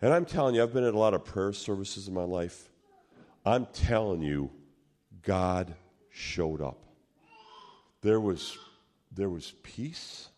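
Guy preaching a story, really lively up-and-down voice, does all the voices himself. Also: low voice. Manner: animated storyteller who acts out quoted voices. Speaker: preacher telling a testimony. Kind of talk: sermon storytelling.

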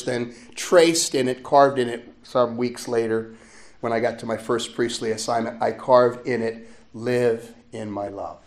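Priest telling a personal story in a roomy church. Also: male voice, medium pitch. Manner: personal storytelling, gentle, laughs often. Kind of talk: sermon.

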